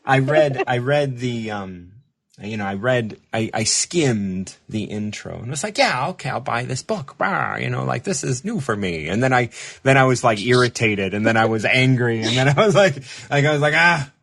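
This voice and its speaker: A man hosting a show, telling a rambling, self-mocking story in casual chat, animated, with laughs and restarts. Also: mid-range voice, moderate pace, gravelly. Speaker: show host.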